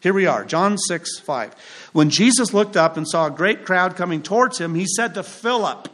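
Higher-voiced man preaching a sermon. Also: lively intonation, normal speed, a bit bright. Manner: conversational preaching with humorous asides. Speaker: pastor.

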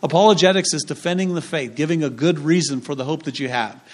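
A man's voice: a little high, fast. A man preaching a sermon as pastor, in a conversational way with jokes and rhetorical questions.

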